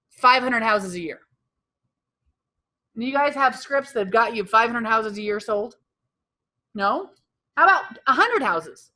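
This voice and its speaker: A woman's voice: fairly high pitch, pushed and bright. A woman sales trainer leading a live workshop, quizzing the room and repeating the audience's answers back to them. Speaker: real estate sales trainer.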